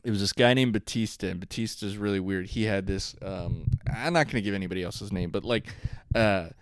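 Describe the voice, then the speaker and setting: A man's voice: fairly low pitch, fairly quick, dry recording, clean studio sound. A young man co-hosting a podcast, telling rambling stories in casual chat and laughing often. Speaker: podcast co-host.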